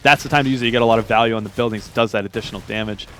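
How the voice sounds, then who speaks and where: A man's voice: lowish voice, steady tone, rapid-fire, fairly bright tone, a little hiss or hum. A young man giving analytical esports color commentary, explaining mechanics and teasing his co-caster. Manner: chatty, explains mechanics, teasing, laughs often.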